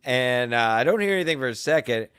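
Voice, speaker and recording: A man's voice: medium pitch, expressive, fast talker, a bit bright, smooth, no echo, clean studio sound. A man hosting a podcast, telling a story in a crude, combative and profane rant. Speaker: podcast host. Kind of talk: casual ranting chat.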